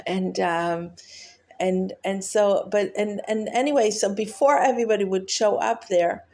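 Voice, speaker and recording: A woman telling a heartfelt teaching story, halting often with fillers and restarts. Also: mid-range voice, steady tone, warm tone. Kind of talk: storytelling talk.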